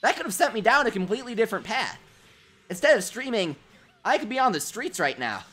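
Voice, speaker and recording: A young man hosts a gaming livestream and chats through rambling childhood anecdotes. His pitch swings widely as he jokes, says "dude" and laughs at himself. Quiet game music plays underneath. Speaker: livestream host. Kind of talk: casual gaming livestream storytelling.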